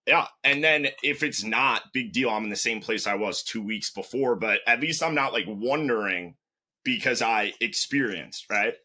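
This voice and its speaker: Bright-voiced man hosting a casual interview. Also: medium pitch, normal speed. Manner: animated storyteller, many restarts. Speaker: interview host, sales manager.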